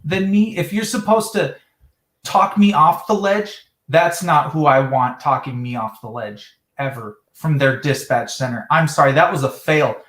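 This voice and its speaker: A man's voice: on the high side, unhurried, fairly bright tone, echoey room. A man ranting heatedly on a livestream talk show, swearing and exasperated.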